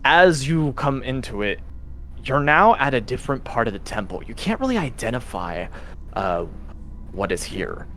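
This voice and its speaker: A man running a tabletop game as dungeon master, narrating with lively descriptions and quick rules talk. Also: mid-range voice, a little hiss or hum.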